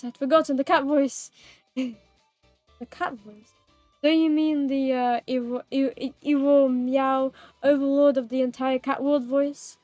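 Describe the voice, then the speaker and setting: A woman with a high, bright-toned voice chats with her stream viewers, playful and giggly, rambling and teasing. Her voice is close and dry, with soft music playing under it. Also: no echo. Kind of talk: casual live-stream chat with viewers.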